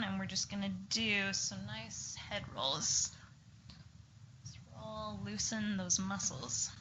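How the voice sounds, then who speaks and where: Bright-voiced woman coaching a group. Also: mid-range voice. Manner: encouraging, step-by-step instructions. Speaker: speech therapist. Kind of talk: leading group exercises. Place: group therapy session room. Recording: muffled lo-fi with faint noise.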